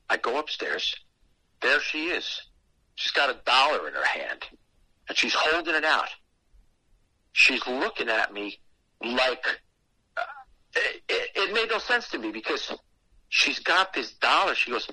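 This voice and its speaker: A man's voice: mid-range voice, sing-song, unhurried, long pauses, sharp tone, breathy edge, no echo, poor audio. A man telling a story casually and animatedly, with lots of swearing.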